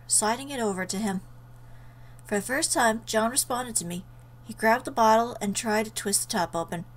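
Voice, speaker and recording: A let's player with a mid-range voice earnestly reads a visual novel aloud, stopping for emotional asides. The recording quality is low.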